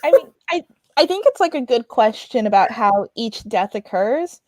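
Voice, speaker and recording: A woman's voice: lively intonation, normal speed, a little mellow, dry recording. A woman co-hosting a book club livestream, chatting wryly about the story. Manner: chatty, wry, drops into lower register. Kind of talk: casual book discussion.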